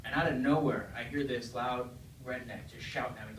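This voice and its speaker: A man's voice: medium pitch, steady tone, a little fast, fairly bright tone. A male stand-up comedian talking to the crowd on a club stage in a loose, conversational way and throwing questions at the audience. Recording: echoey room, distant mic, faint noise.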